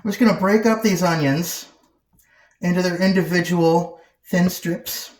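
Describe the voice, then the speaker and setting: Slow, playful cooking show host. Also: male voice, high voice, fairly even intonation. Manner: playful, makes silly sound effects while working; chatty, jokey asides. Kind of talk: casual cooking demonstration.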